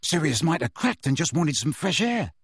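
A man reading aloud and voicing a worried teenage wizard boy who speaks in an uneasy, hushed way. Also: on the high side, big pitch swings, normal speed, husky, no room sound, studio quality, voice pushed up.

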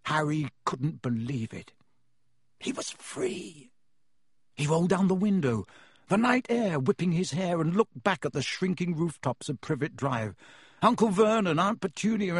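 A man narrating a storybook aloud in a steady, even-paced reading. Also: a little high, moderate pace, breathy edge, no room sound, studio quality. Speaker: audiobook reader.

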